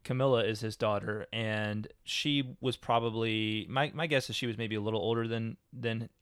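A man's voice: fairly low pitch, fairly even intonation, normal speed, fairly bright tone, smooth, no echo, studio quality. A man co-hosting a podcast, chatting casually with lots of fillers and restarts. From United States. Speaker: podcast co-host. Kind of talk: casual chat.

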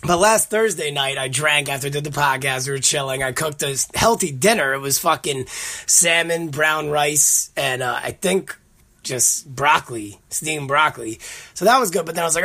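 Gravelly, profane man chatting. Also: fairly high pitch, moderate pace, pushed and bright. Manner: profane, rambling storyteller. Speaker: podcast host. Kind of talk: casual chat.

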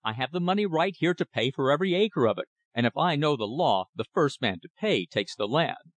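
A man reading the part of a self-important rich lumberman who speaks with slow deliberation and a commanding edge. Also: a little high, expressive, no room sound, close to an everyday voice. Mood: agitated. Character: blustering pompous rich male lumberman.

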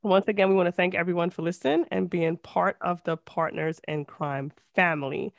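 A woman's voice: fairly low pitch, fairly quick, gravelly, no room sound, highs cut off. Chatty giggly woman podcast host. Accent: non-native English accent. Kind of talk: casual chat.

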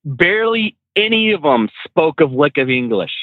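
Animated trucker on a tinny line. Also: male voice, fairly high pitch, normal speed, no room sound. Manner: animated anecdotes with frequent laughs and restarts. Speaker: truck driver and trainer. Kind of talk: casual storytelling interview. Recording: dry tinny phone-like line.

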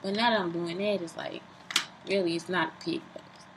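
A woman talking casually and profanely into her phone camera, lively, self-mocking and rambling. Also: fairly low pitch, moderate pace, noisy background. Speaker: vlogger. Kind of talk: casual vlog monologue.

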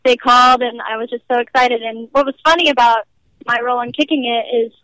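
Giggly young actress from nashville, high bright voice, dry close sound, says like a lot. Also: female voice, fairly even intonation, brisk, no room sound, poor audio. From Nashville, American South. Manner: bubbly, giggly, heavy use of "like". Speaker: guest actress. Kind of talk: casual interview chat.

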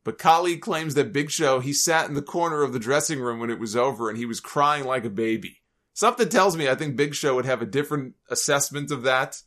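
A man's voice: medium pitch, brisk, a bit bright. A man hosting a podcast, telling a story in a casual, chatty way with joking asides. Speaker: podcast host.

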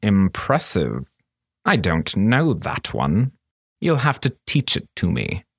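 A man's voice: sits low, huge pitch swings, creaky, husky, no room sound, studio quality, exaggerated voice. A man voicing a cold, menacing sorcerer master. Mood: dark, cold. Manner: slow, silky and threatening.

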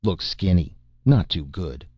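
A man's voice: low-pitched, expressive, unhurried, husky, no echo, highs cut off, exaggerated voice. A man reading the lines of a suspicious rival barbarian slave master, who speaks in clipped, broken phrases. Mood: scornful. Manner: clipped broken speech, doubtful.

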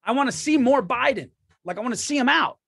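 A man telling stories in casual podcast chat, swearing and laughing, slipping into quick impressions. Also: extremely high pitch, animated, creaky, a bit bright, husky, dry recording, studio quality. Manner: profane, laughing storyteller doing quick impressions. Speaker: podcast co-host.

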